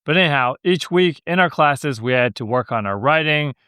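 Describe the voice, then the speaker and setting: A man's voice: on the high side, lively intonation, normal speed, pushed and bright, smooth, no room sound, studio quality. A young man hosting a podcast, telling stories in a laid-back, joking way. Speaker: podcast host. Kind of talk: casual storytelling monologue.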